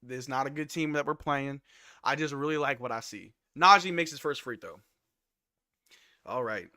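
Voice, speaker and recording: A man hosting a live watch-along stream, calling plays and reacting loudly with hype shouts on big moments. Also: mid-range voice, moderate pace, no echo, studio quality. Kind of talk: excited live game commentary.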